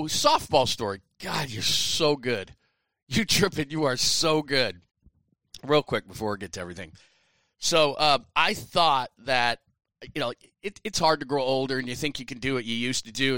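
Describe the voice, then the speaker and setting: A man's voice: medium pitch, bright, forceful tone, no room sound, studio quality. A middle-aged man hosting a sports talk show, telling a self-mocking story in a casual monologue and acting out the voices of other people. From San Francisco Bay Area.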